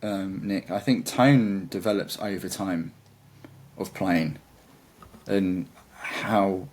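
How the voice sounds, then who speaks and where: A man's voice: deep voice, fairly even intonation, takes it slowly, darkish tone. A man chatting as a guitarist guest in an interview, talking in a rambling, enthusiastic way. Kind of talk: casual interview chat.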